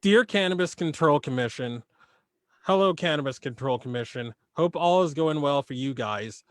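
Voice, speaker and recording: A man's voice: a little high, expressive, moderate pace, dry recording. A man podcaster reading a friendly public statement over a video call. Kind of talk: public comment.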